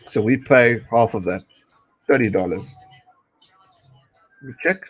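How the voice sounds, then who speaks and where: A South African man in his late twenties gives loose, chatty commentary as he watches a match live. He gets excitable and cheers at the screen. His voice sits at an everyday middle pitch. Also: slow, husky, soft background music, poor audio. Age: late 20s. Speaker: live-stream host. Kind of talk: casual watch-along commentary.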